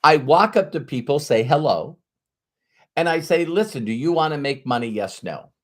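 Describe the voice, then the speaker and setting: A man's voice: fairly high pitch, lively intonation, moderate pace. A man voicing a boastful, upbeat immigrant salesman who speaks in short, clipped, broken English.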